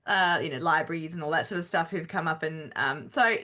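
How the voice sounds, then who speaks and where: A woman's voice: deep voice, brisk, bright, forceful tone. A woman co-hosting a podcast, chatting casually and acting playfully hurt in a self-deprecating way. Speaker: podcast co-host. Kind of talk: casual chat.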